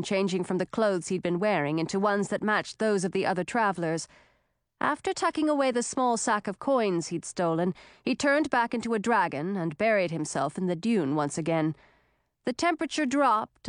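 A woman narrates a novel in calm, even scripted storytelling. Her voice sits at a middle pitch. The sound is dry and close. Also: dry recording. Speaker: audiobook narrator.

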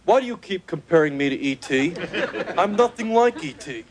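A man voicing a cocky, cheeky male alien in a sitcom, with a nasal, gravelly voice and brash, joking comebacks. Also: sits high, expressive, normal speed. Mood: wisecracking. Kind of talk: sitcom acting with laugh track.

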